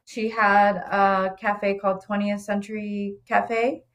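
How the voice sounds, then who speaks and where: A woman's voice: mid-range voice, little pitch movement, slow. A woman in casual conversation about food, talking with enthusiasm and plenty of fillers. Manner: chatty, enthusiastic, lots of fillers. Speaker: guest. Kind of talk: casual chat.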